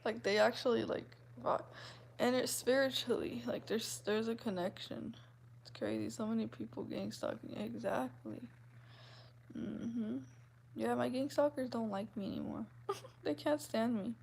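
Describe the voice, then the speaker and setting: A woman in her twenties chatting casually with her viewers, with a soft, gentle voice and a giggly, rambling way of talking that is full of "like". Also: fairly high pitch, unhurried, gravelly, husky. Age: 20s. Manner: chatty, giggly, fills speech with "like". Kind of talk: casual livestream chat.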